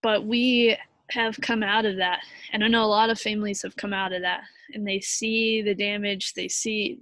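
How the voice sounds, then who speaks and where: A young woman telling a personal story in a halting, heartfelt way, full of fillers and restarts, sounding tired. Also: mid-range voice, a bit bright, no echo. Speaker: vlogger.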